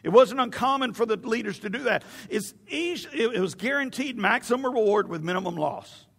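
A man preaching a sermon, animated and storytelling, with stammered restarts. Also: extremely high pitch, a little fast, vocal fry, husky, in a large hall.

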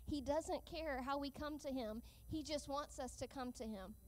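A woman with a high voice delivers an earnest sermon. She speaks in a measured way and slows down to lean on key lines. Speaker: preacher.

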